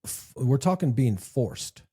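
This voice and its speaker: Mellow husky man telling stories. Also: medium pitch, big pitch swings, takes it slowly. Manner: rambling storyteller, laughs at own jokes. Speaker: podcast co-host. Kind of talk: casual chat and joke telling.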